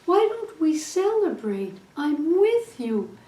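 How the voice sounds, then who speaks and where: A woman voicing a loving husband back from the war, speaking gently and pleadingly, with a high voice in an echoey room. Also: sing-song, takes it slowly, heavily acted. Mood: tender. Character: loving husband home from war, tender man. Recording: echoey room, distant mic.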